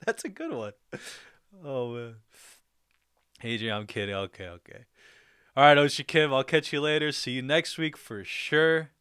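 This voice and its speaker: A man's voice: medium pitch, lively intonation, moderate pace, long pauses, a bit bright, smooth, dry recording, clean studio sound. A man hosting a casual livestream, talking easily with viewers, laughing often and speaking loosely with fillers and restarts. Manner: laughs often, easygoing and upbeat. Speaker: livestream host.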